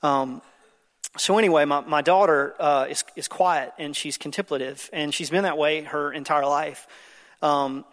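A man's voice: fairly high pitch, fairly even intonation, a little slow, a bit bright. A man in his thirties preaching a conversational sermon as pastor, with frequent ums and uhs. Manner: conversational preaching with many fillers. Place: church sanctuary. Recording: long hall reverb.

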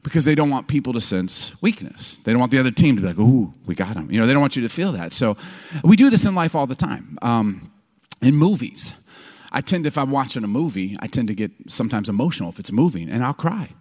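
A man preaching from a stage to a live audience, telling funny stories and acting out the voices of people in them. His pitch swoops widely as he jumps between characters. It is a casual, animated sermon. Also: fast. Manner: animated storytelling, acting out quotes. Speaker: pastor.

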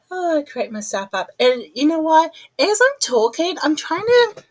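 A woman's voice: high-pitched, dry recording, poor audio. A woman hosts her own podcast with a chatty, rambling delivery, often laughing at herself. She sounds a little out of breath between phrases. Her voice is recorded close and dry, with no room sound. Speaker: podcast host. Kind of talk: casual chat.

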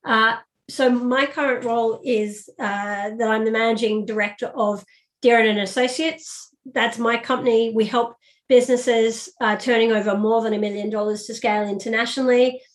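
A middle-aged woman, an interview guest, telling a lively personal story with fillers. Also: on the high side, moderate pace. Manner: animated anecdotal storytelling with fillers. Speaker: guest, business strategist.

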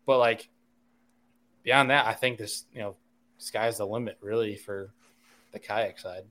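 A man's voice: fairly low pitch, steady tone, measured pace, pushed and bright. Rambling man in casual podcast chat. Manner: rambling, many fillers and restarts. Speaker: podcast co-host, fishing industry insider.

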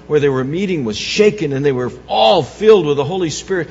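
Pastor, male, husky, higher-pitched, moves from quiet to loud preaching, church hall echo, dull recording. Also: animated, a little fast. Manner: swings from soft, low reflection to loud, raised preaching; repeats words and restarts phrases. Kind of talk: Easter sermon. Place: church sanctuary.

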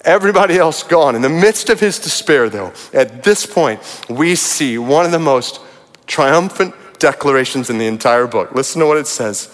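A man's voice: mid-range voice, lively intonation, moderate pace, in a large hall. A man preaching a sermon as pastor, reading scripture aloud and building to urgent appeals. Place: large church auditorium.

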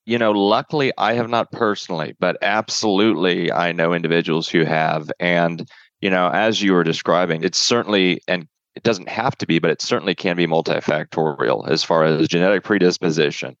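A man speaking as a returning podcast guest and medical director, in measured, clinical phrasing. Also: low-pitched, a bit bright, no room sound, dull audio. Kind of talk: casual podcast conversation.

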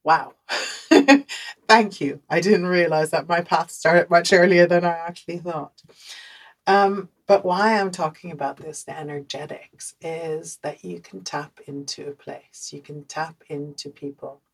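Low, gravelly woman with a Dutch accent. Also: a little slow, low-quality recording. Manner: animated, conversational, many fillers. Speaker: podcast host. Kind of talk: personal storytelling monologue.

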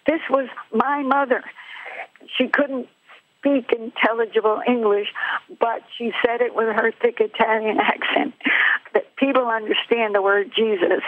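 A woman's voice: a little high, steady tone, unhurried, dry recording. An older woman giving her personal testimony in an earnest, plain storytelling way, heard over a tinny phone line.

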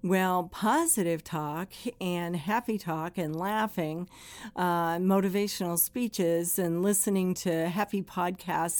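A woman's voice: lowish voice, a little mellow, no room sound. A woman hosting a podcast for first responders, giving plainspoken advice in a conversational way and acting out quoted complaints.

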